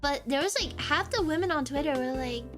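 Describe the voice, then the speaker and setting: A woman's voice: high voice, lively intonation, fairly quick. A young woman streaming as a VTuber, ranting sarcastically about songs she dislikes and swearing as she reacts. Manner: ranting, sarcastic, swears, hums along mockingly. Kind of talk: casual stream reaction rant. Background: pop music playing.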